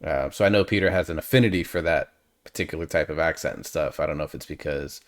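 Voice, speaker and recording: Low-voiced man chatting through a reaction. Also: quick pace. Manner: chatty and analytical, wanders off on tangents. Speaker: reaction video host. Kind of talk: casual reaction commentary.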